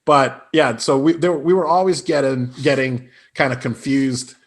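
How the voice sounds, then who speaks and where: A man from Illinois, an improv comedian, telling lively anecdotes as a podcast guest and acting out the people he quotes. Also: medium pitch, normal speed. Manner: animated anecdotes with put-on quoted voices. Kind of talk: casual storytelling interview.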